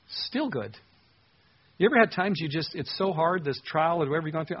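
A man pastor teaching an expository sermon in a conversational way, with frequent filler words and animated emphasis. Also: fairly high pitch, moderate pace, breathy edge, muffled recording.

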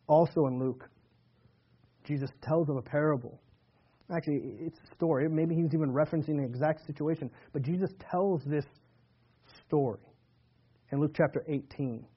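A pastor preaching a sermon with earnest emphasis, reading and explaining scripture passages. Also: male voice, on the high side, normal speed, long pauses, husky, highs cut off. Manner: earnest preaching, surging louder on scripture quotes.

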